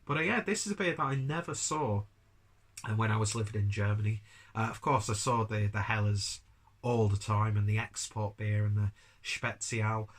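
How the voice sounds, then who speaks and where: A man's voice: lowish voice, normal speed. A man coming down with a cold, reviewing beer in a rambling, chatty vlog style with casual swearing. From United Kingdom.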